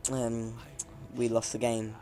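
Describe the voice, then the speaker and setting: A man's voice: mid-range voice, completely flat delivery, slow, music in the background. A man casually commenting over his gameplay, rambling, laughing at himself, his voice cracking now and then. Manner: rambling, chuckling, self-mocking.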